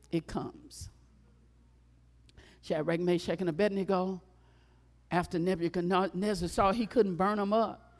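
A woman preacher at a middle pitch gives a sermon and leads a prayer. She repeats her phrases for emphasis. She moves from ringing outbursts to slow, near-whispered lines. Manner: swings between loud exclamations and hushed, drawn-out phrases.

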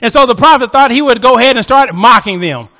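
A male pastor a sermon, moving between quiet storytelling and shouted, fervent calls. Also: very high-pitched, lively intonation, quick pace.

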